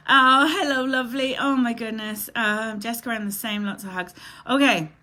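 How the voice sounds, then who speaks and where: A woman in her thirties from Canada hosts a casual live stream. Her voice sits a little high and sounds very bright and forward. She chats warmly with viewers, greets them by name and talks openly, often close to tears. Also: fairly even intonation, normal speed, few pauses. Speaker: live show host.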